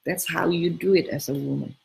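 A woman's voice: low voice, steady tone, fairly quick, vocal fry. Middle-aged woman giving blunt dating advice, repeats herself for emphasis, just chatting. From Southern California home. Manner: frank, emphatic, repeats key words. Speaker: dating coach answering listener questions. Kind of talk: casual advice talk.

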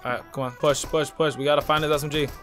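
A man's voice: a little high, steady tone, quick pace, fairly bright tone, soft background music. A young man giving hyped, trash-talking commentary over a video game with a friend. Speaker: gaming YouTuber. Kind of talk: live gameplay commentary.

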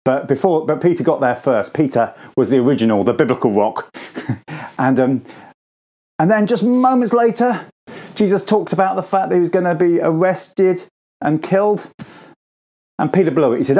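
A man speaking at a school assembly, retelling a story to children in a casual way and jumping his pitch up to act out the quoted lines. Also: expressive, moderate pace, warm tone. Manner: informal, acts out quoted lines with pitch jumps.

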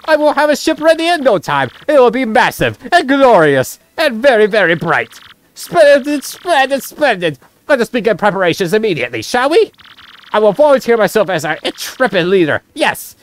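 A woman's voice: medium pitch, very animated, normal speed, lightly acted. Woman putting on a boastful rich merchant man. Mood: triumphant. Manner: theatrical fake-Italian phrasing, grand boasts. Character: pompous rich male merchant, dramatic and greedy. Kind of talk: voicing game dialogue aloud.

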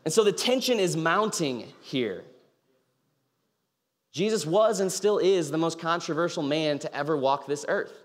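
A man's voice: on the high side, expressive, measured pace. A young man giving an informal sermon, telling the story casually with many fillers and acting out the people he quotes. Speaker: campus ministry speaker. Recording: reverberant hall.

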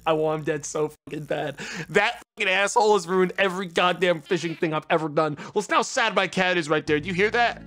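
Guy streaming a game, kinda high bright voice, yells and cusses a lot, little bit of music under it. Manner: excitable, swearing, frustrated yelling at the game. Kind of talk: gaming livestream commentary.

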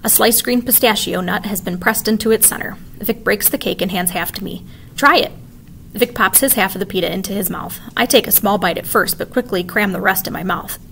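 Female teacher, storybook read-aloud; expressive, clear, soft background noise. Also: medium pitch, fairly quick, hardly any pauses. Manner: expressive, animated reading. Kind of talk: reading a children's book aloud.

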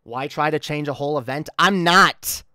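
Her voice is low with a sharp tone, at a moderate pace, captured in a dry, clean studio recording. On a livestream she vents in anger, irritated and profane, frequently stumbling over words and restarting what she's saying.

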